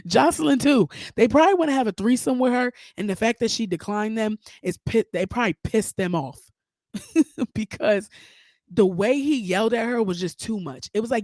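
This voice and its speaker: A woman's voice: a little high, moderate pace, dry recording. Outspoken woman podcaster, dry sound. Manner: outspoken, animated, profane. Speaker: podcast host. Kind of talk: casual commentary.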